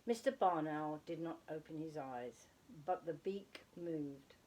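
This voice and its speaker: A woman reading a children's story aloud with expressive delivery, slowing for emphasis. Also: sits low.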